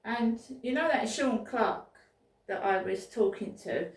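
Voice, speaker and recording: In an unhurried, slightly high voice, a woman shares a meandering personal story for her casual vlog diary at home. Words get repeated and sentences restarted, and the audio sounds roomy, as if captured from afar.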